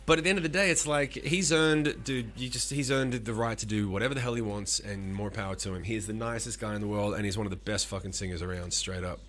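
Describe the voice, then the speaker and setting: A man in his forties, a musician streaming live, talking casually with animated, profane rants and answering chat. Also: fairly low pitch, fast talker, few pauses.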